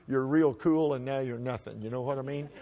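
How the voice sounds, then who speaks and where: A man at a microphone tells an audience a personal story in a plain, folksy way. His voice sits at an ordinary middle pitch for a man. He often stumbles and repeats a word before pressing on. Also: warm tone. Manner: folksy, halting, repeats words while restarting. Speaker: speaker telling a personal story.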